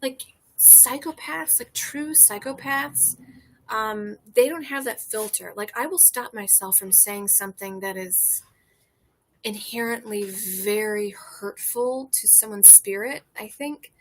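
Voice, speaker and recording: A woman's voice: mid-range voice, takes it slowly, a bit bright. A woman comedian in casual chat, telling candid, profane stories full of fillers, recorded outdoors on a porch.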